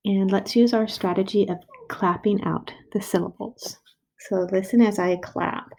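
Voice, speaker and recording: Patient teacher with a gravelly, mellow voice. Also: female voice, medium pitch, steady tone. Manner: slow, patient, sounding out words. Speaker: first grade teacher. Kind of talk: recorded writing lesson for children. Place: home. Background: dog barking.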